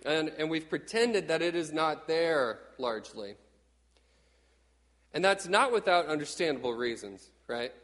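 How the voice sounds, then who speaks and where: A middle-aged man from Texas preaching a sermon in a lively, conversational way, often acting out quotes. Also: on the high side, a little slow, long reverb tail. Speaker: pastor.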